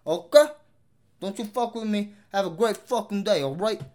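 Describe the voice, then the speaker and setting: A man's voice: high voice, normal speed, a little mellow, pitched above the performer's own voice, natural voice. A man voicing a tough-talking male New York mobster type in a thick put-on New York accent, swaggering, threatening and swearing heavily. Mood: menacing.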